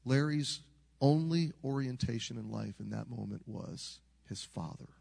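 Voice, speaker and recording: An older man preaching a storytelling sermon, animated, swinging from loud to hushed, with a gravelly voice. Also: medium pitch, a little slow.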